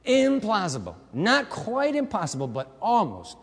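A man preaching a sermon as pastor in a church, moving between quiet asides to the congregation and loud, emphatic passages. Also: medium pitch, lively intonation, fairly quick, long reverb tail. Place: church sanctuary with a balcony.

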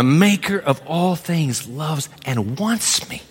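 Male pastor, lively and expressive, slightly high voice, sermon recorded in a big echoing church hall. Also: takes it slowly, few pauses, breathy edge. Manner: animated, acts out biblical dialogue.

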